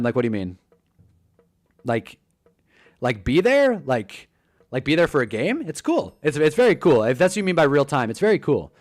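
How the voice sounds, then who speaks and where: A young man hosting a casual football livestream, animated and rambling, joking as he reacts to chat. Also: a little high. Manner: animated, rambling, quick to joke.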